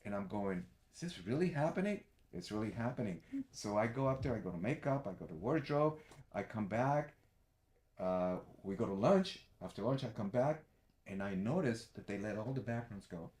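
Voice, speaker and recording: Animated man telling a story. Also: fairly low pitch, normal speed, reverberant. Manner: animated, acts out quoted voices. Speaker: guest, background actor. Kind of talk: casual storytelling.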